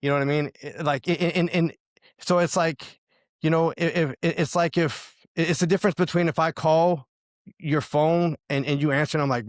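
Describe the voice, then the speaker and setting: A man co-hosting a casual faith discussion who talks haltingly, restarting often as he searches for his point. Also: on the high side, steady tone, no echo, clean studio sound. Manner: hesitant, many restarts and fillers, searching for words. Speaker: podcast co-host.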